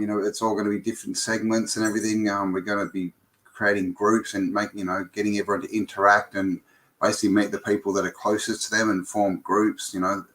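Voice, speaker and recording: A man's voice: lowish voice, a bit bright. A man hosting a casual live stream, greeting viewers by name and rambling with lots of ums and restarts.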